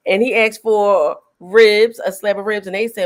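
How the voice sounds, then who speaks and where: A middle-aged woman hosting a casual film review chat, retelling scenes with animated energy and frequent laughter. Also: medium pitch, moderate pace. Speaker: host.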